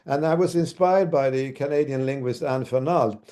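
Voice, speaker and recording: Halting man giving a mellow-voiced lecture. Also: mid-range voice. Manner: halting, with many restarts. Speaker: university lecturer. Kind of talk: academic lecture.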